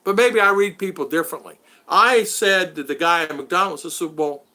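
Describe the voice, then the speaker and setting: A man's voice: high-pitched, normal speed, few pauses, sharp tone. A man chatting casually as a vlogger, telling anecdotes, acting out dialogue, and answering viewers' chat. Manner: storytelling, acts out dialogue; reads and answers live chat.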